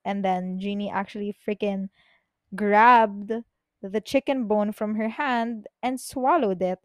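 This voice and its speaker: A young woman talks through her day in a quick, jumbled, excitable ramble, dropping casual swears. Her voice sits in a middle pitch. It is recorded dry and close in her bedroom. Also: no echo. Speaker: podcast host. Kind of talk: casual personal storytelling.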